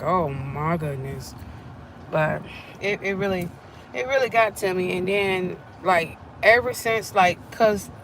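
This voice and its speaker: A woman's voice: mid-range voice, slight background noise. A middle-aged woman, chatting with viewers during a live stream and acting out the voices in her story. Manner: animated, acts out quoted voices.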